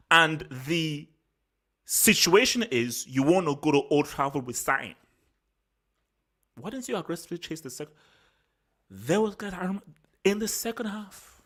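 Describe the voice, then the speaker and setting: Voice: medium pitch, a bit bright. A football channel host giving a heated solo post-match reaction, slangy, self-assured and repeating phrases for emphasis. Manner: worked up and angry.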